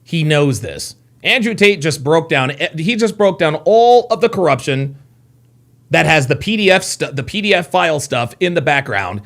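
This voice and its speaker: A man's voice: fairly high pitch, sing-song, moderate pace, vocal fry, a bit bright. A man hosting a live reaction show, heated and exasperated, cursing and repeating himself as he argues with a clip. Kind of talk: animated reaction commentary.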